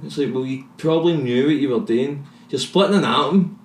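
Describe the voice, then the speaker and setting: A man's voice: medium pitch, fairly quick. A Scottish man co-hosting a podcast, chatting casually, rambling off on tangents and swearing freely. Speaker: podcast co-host. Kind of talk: casual banter. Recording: roomy echo, far from mic, faint noise.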